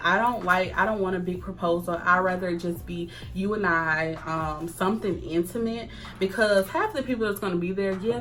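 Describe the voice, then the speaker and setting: A young woman tells a story to camera in an animated, chatty way, slipping into quoted dialogue. Her voice is bright and forward, with faint music playing underneath. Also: medium pitch. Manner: animated, acts out quotes, laughs often. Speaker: vlogger. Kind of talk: casual storytime chat.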